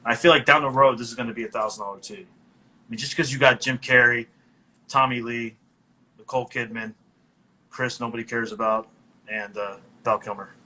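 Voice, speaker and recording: Bright-voiced easygoing man pitching. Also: steady tone, moderate pace, pauses often, poor audio. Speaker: vendor. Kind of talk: casual sales pitch.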